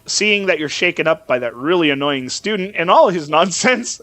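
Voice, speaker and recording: A man's voice: fairly high pitch, lively intonation, normal speed, bright, forceful tone, no room sound. A man hosting a game playthrough, reading the game text aloud and joking about it. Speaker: gaming channel host. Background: game music.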